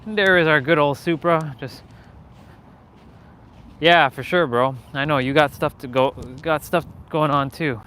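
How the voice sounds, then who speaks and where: A man's voice: fairly high pitch, measured pace, a little hiss or hum. Rambling young man live-streaming outdoors. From Canada. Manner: rambling, relaxed, many fillers and restarts. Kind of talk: casual live-stream chat while walking. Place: outdoors in a parking lot, then in a car.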